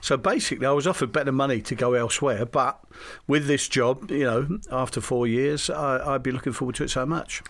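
An older man with a gravelly, creaky voice tells relaxed stories about his playing days as an interview guest. He rambles along, dropping "you know" between his thoughts. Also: medium pitch, a little fast, few pauses. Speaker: interview guest, former footballer. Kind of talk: relaxed anecdotal storytelling.

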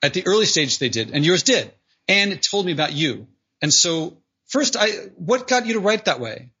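A man's voice: a little high, sing-song, normal speed, bright, forceful tone, slightly rough, dull audio. A man hosting a podcast over a video call, chatting casually and rambling with restarts. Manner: rambling, self-interrupting. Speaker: podcast host. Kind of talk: casual interview chat.

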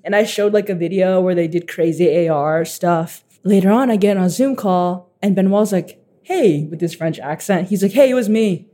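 An eighteen-year-old man telling stories as a guest, animated, laughing often and acting out what others said. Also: sits high, moderate pace, few pauses. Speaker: guest artist. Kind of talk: casual storytelling.

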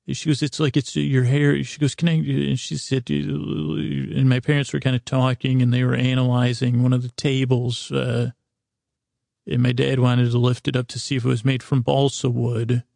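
A man with a deep gravelly fry tells a rambling, comedic bedtime story in a flat, deadpan way. His dark, mellow voice sits on a narrow pitch range, close and dry, and he stumbles through restarts and side trails as he goes. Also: dry recording. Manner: halting, meandering delivery full of restarts. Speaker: podcast storyteller.

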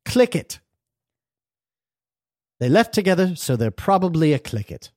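A man's voice: fairly high pitch, a little slow, dry recording, clean studio sound. A man co-hosting a casual podcast, reading items aloud in a crude, joking manner. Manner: animated, crude, laughs while reading. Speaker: podcast co-host.

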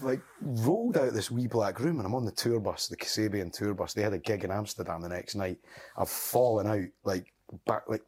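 A man's voice: lowish voice, a little mellow, breathy edge. A Scottish man, a guest on a podcast, telling wild anecdotes in casual chat, swearing and laughing as he goes. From Scotland.

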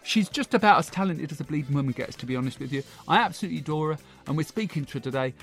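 Brief: man playing a loud, gushing hostess with a raised voice and faint music under her. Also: fairly high pitch, animated, racing, creaky. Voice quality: loud, chatty, swearing, theatrical. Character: brash, gossipy middle-aged Essex woman talk-show host. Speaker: podcast host. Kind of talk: comic character monologue.

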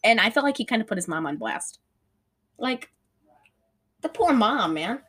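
Woman podcast co-host, higher voice, giggly rambler, casual review banter. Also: big pitch swings, moderate pace, fairly bright tone, breathy edge. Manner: rambling and giggly, full of fillers. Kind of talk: casual movie review chat.

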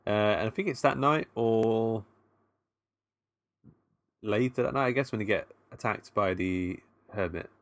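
Low male podcaster, hesitant and chatty, dry room. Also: measured pace, long pauses, a bit bright, no echo. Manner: recaps the plot with hesitant fillers and laughs. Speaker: podcast co-host. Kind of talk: casual film review chat.

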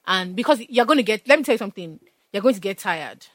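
A woman's voice: mid-range voice, animated, fast talker, dry recording. A young Nigerian woman with a Nigerian accent in passionate casual conversation, retelling stories and pressing her points. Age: young adult. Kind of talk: casual chat.

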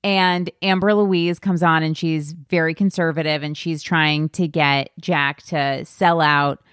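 Low-voiced woman hosting a podcast chat. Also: fairly even intonation, a little slow, fairly bright tone, clean tone, dry recording, clean studio sound. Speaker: podcast host. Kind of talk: casual chat.

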